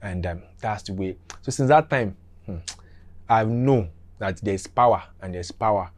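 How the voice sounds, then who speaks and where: A middle-aged man tells a story from his youth in a loose, casual way. He is animated, repeats himself and acts out the scenes with sound effects and small asides. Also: on the low side, unhurried.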